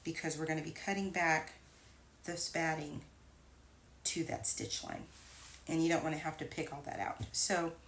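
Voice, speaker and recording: A woman's voice: sits low, steady tone, moderate pace, long pauses, a bit bright, slight background noise, poor audio. A woman giving a patient, step-by-step sewing tutorial as a voice-over, with small asides as she works. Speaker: quilting instructor.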